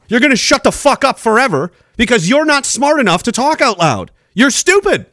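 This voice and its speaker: Angry high-voiced man ranting. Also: big pitch swings, normal speed, few pauses, fairly bright tone, no echo, studio quality. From Canada. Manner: angry, profane, sarcastic ranting. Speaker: podcast host. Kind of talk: ranting solo podcast.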